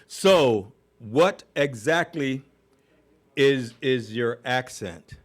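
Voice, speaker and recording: A man's voice: medium pitch, normal speed. A man hosting an interview, chatty and playful, often repeating himself as he asks questions. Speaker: host.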